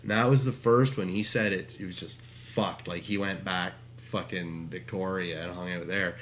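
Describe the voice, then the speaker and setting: A man's voice: deep voice, fairly even intonation, moderate pace, fairly bright tone. A man telling stories casually as a guest, rambling and swearing a lot. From Canada. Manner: profane, rambling storyteller. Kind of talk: casual storytelling. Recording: dull lo-fi sound, faint hiss.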